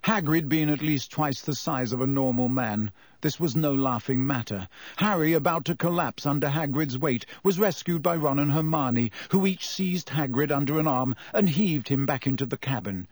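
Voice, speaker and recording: A man narrating a children's fantasy story in a measured storytelling way. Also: fairly high pitch, no echo. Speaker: audiobook narrator. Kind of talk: scripted narration.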